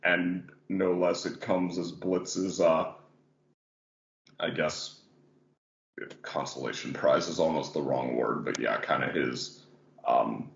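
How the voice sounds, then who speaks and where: A man's voice: very deep voice, steady tone, slow, gravelly, pauses often, echoey room, muffled recording. A man hosting a casual podcast about animation, rambling with lots of fillers. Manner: rambling, many "like" and "yeah" fillers. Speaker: podcast host.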